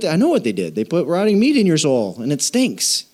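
A man, a pastor, preaching a sermon in a playful way, acting out little dialogues in quick voices. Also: a little high, wildly swooping pitch, darkish tone.

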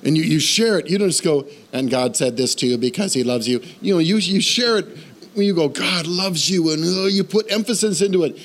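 A man preaching in a church with a fairly high voice. He talks in a lively, conversational way, often turning to the congregation with questions. His delivery moves between quick bursts and slower, emphatic phrases. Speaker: pastor. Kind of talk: sermon.

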